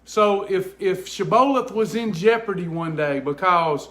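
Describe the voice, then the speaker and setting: A man's voice: high voice, a little slow, fairly bright tone. A man speaks to camera from home in a casual, preachy way. He is earnest and emphatic and often repeats his words to drive a point home. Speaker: host of a faith-based weight loss ministry. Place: at home indoors.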